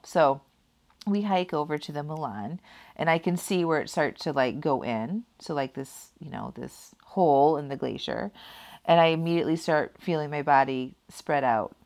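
A woman's voice: low voice, normal speed. A woman casually telling a personal story, rambling with many fillers and laughing at herself. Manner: rambling, heavy use of "like" and "kinda".

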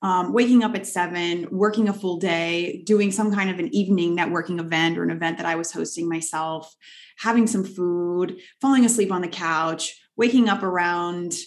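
A woman guest in a conversational interview, telling her story in an earnest, animated way. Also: fairly low pitch, moderate pace. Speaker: guest, leadership author.

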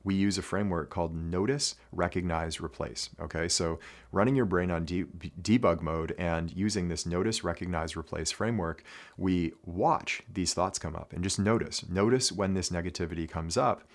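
A man's voice: low-pitched, moderate pace. A man giving an instructional talk on athlete mindset as a coach, earnest and repeating his key phrases with frequent check-ins like "right?".

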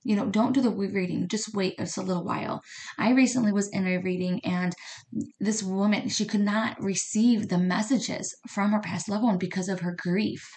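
A woman who works as a medium and card reader delivers a chatty podcast monologue in a mid-range, slightly mellow voice. Conversational throughout, she checks in with listeners often, with "you know what I mean" and "right?".

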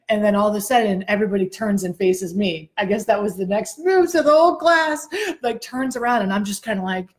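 A woman co-hosting a podcast, telling a story in a chatty, animated way and addressing listeners directly, a little out of breath. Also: mid-range voice, fairly quick. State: slightly out of breath. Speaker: podcast co-host. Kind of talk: casual storytelling chat.

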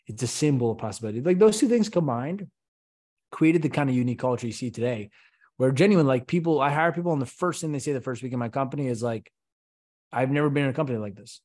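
A man being interviewed on a podcast, speaking with real passion and energy. He leans on rhetorical questions to make his point, and his voice sits in a middle pitch. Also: lively intonation, quick pace, a little mellow. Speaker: podcast guest, company CEO. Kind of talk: conversational interview.

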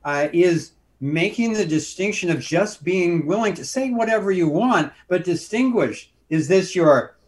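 A male guest filmmaker speaking earnestly and with measure in a conversational interview. His voice sits a little higher than most men's. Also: lively intonation, unhurried, hardly any pauses.

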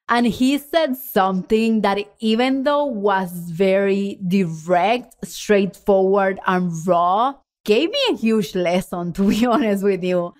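A woman's voice: mid-range voice, measured pace, hardly any pauses. A middle-aged woman with a Puerto Rican accent tells a personal story on her podcast. She sounds earnest and conversational. She often speaks straight to the listener. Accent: Puerto Rican Spanish. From Puerto Rico. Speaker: podcast host.

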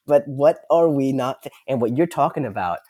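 A man speaking as a podcast guest, talking in a lively, rambling way and often restarting his sentences. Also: medium pitch, moderate pace, no room sound, studio quality. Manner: animated, rambling, self-interrupting. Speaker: podcast guest, company founder. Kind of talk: casual interview chat.

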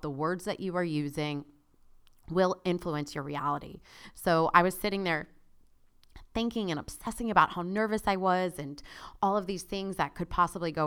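A young adult woman hosting a casual solo podcast, telling a personal story in a chatty, animated way with frequent asides. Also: deep voice, clear, resonant tone. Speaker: podcast host.

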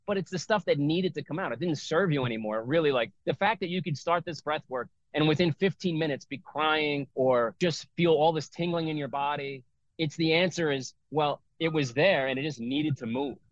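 A man's voice: a little high, moderate pace, no room sound. A middle-aged man, a breathwork and yoga teacher, talking loosely in a casual interview, full of fillers and restarts. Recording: slightly dull, dry audio.

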